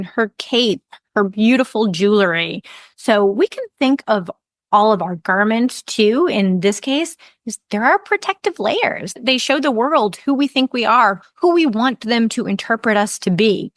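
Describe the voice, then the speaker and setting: Calm woman podcast host, dry close sound. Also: medium pitch, no room sound. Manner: calm, measured retelling of myth. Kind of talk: reflective podcast storytelling.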